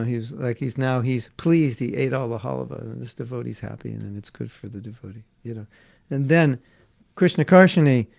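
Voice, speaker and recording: Older male teacher, gravelly delivery, anecdotal storytelling class, acts out quotes, chuckles between lines. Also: medium pitch, darkish tone. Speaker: spiritual teacher.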